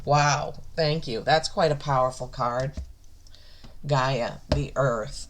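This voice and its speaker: A woman energy healer giving an oracle card reading, reverent and gushing, emotional and near tears. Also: low voice. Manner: slow, reverent and gushing, often moved.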